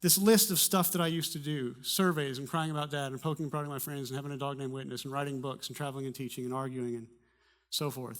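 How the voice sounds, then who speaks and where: Humorous man preaching a sermon. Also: medium pitch. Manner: conversational storytelling with humor. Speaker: pastor. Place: church.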